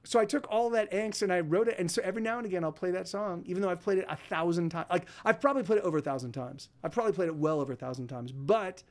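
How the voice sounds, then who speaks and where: A musician and podcast host chatting casually on a livestream, telling rambling stories full of restarts and swearing. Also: male voice, high voice, very fast, hardly any pauses.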